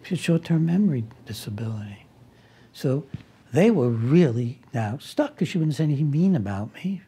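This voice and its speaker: A man recounts a personal story with a deeply husky, raspy voice and a mellow, dark tone. He talks casually, adding wry asides and restarting sentences as he goes. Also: sing-song, moderate pace. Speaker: speaker recounting a personal conflict. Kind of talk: conversational storytelling.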